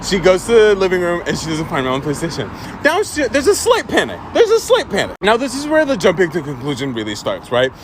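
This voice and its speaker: A young man from Egypt telling a funny childhood story in a casual, animated way, laughing often. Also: high voice, fast talker, background noise. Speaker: social media storyteller.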